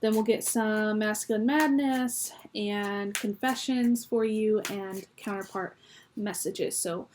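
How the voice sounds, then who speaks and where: Chatty woman tarot reader at a middle pitch, talking casually to her viewers. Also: takes it slowly, darkish tone, slight background noise. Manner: chatty, reads card words aloud, frequent ums. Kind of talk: casual tarot reading to camera.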